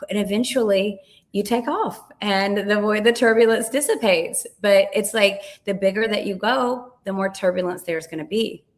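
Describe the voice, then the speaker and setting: A woman coach, a guest on an interview, explaining ideas in a lively, animated way and acting out little voices. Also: medium pitch, normal speed. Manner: animated, dramatizes with acted-out voices. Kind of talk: casual interview chat.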